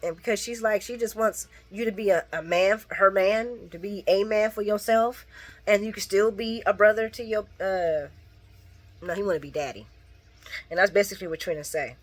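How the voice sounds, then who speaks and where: Animated, swearing woman recapping a soap. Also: mid-range voice, moderate pace. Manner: animated, profane, talks to viewers; quoting characters mid-story. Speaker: soap opera recap vlogger. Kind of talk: casual recap chat.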